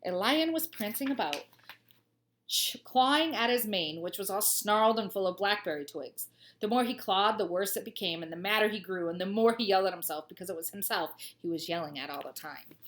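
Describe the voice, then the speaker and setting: Teacher lady reading a kids storybook out loud, expressive, mid pitch. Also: fairly quick. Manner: expressive reader, gushing asides. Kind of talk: storybook read-aloud.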